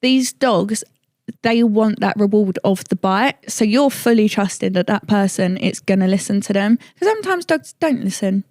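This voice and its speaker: A woman's voice: mid-range voice, lively intonation, moderate pace, darkish tone, no echo, studio quality. A woman, a mother, chatting as a podcast guest in a direct, talkative way with plenty of filler words. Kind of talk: casual podcast chat.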